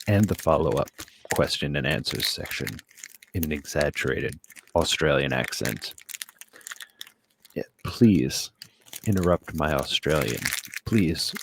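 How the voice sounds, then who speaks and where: A man giving a deadpan mock presentation on a comedy podcast, insistent and stumbling over restarts. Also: rumbling low, vocal fry, slight background noise.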